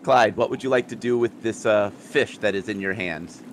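A man running a tabletop game as game master, describing scenes in a slow, measured way. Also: on the low side, soft background music.

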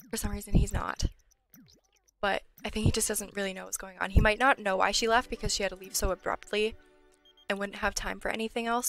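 Chatting casually through a life-sim let's-play, this young gameplay channel host sometimes sinks to a whisper when worry sets in. She speaks in a mid-range, fairly bright voice with vocal fry.

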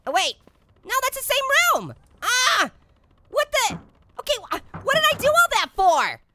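A woman does a full character voice as a hyper, giggly cartoon orange, rambling and joking through let's play commentary and laughing at her own gags. The squeaky, bouncy, silly voice swings hugely in pitch at a moderate pace, and the recording is very noisy.

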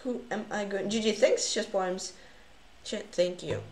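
A woman streamer casually commenting on chess games, excitable and full of gasps and exclamations. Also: medium pitch, unhurried, roomy sound.

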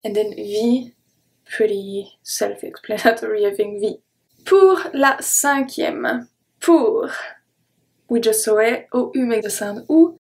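Slow, patient woman teaching pronunciation. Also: medium pitch, mellow. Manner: repeats each word slowly, then explains the sounds. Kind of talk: slow word-by-word pronunciation lesson.

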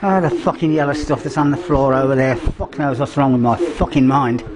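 An older man, the vlogger fixing up his cottage, rambles through a profanity-laden tour of its half-stripped loft, cursing nonstop, forgetting things and fumbling for words. His mid-range voice moves a little fast. The recording is rough, with crowd noise, and he's inside the derelict loft.

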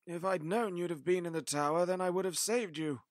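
A man's voice: sits high, brisk, lightly acted. A man playing the Doctor, grave and weary. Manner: grave, emphatic. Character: the Doctor, weary grave old time-traveller. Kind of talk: audio drama acting.

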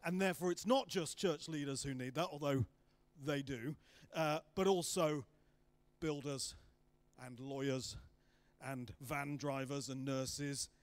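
A man's voice: medium pitch, a little slow. A man giving a guest sermon in a church hall, chatty and joking with asides. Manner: jokey and chatty, self-deprecating asides. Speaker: guest preacher.

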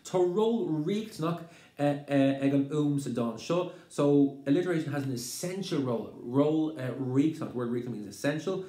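A man's voice: a little high, normal speed, dark tone. A man with an Irish accent teaching a lesson on a poem, switching between Irish phrases and English explanations. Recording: roomy echo.

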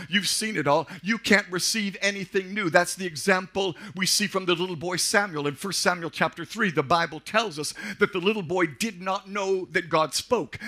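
An older man, preaching a sermon as a pastor, moving from quiet storytelling to shouted calls for the congregation to answer. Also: sits high.

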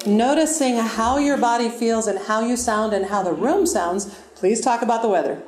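A woman's voice: fairly high pitch, normal speed, darkish tone. A woman voice coach leading a live workshop, upbeat and encouraging as she instructs the group. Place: large room with a live audience. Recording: echoey room with crowd. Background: audience voices.

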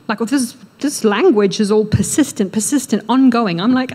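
An Australian woman preaching a sermon in a church, acting out quoted prayers with animated energy. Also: medium pitch, moderate pace. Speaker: pastor. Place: church hall.

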